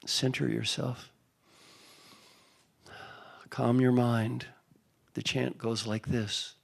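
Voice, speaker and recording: A man's voice: flat delivery, very slow, vocal fry. An older man, an executive coach, telling jokes and stories on a panel. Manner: playful storyteller, mocks whining in a high squeaky voice. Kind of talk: humorous panel talk.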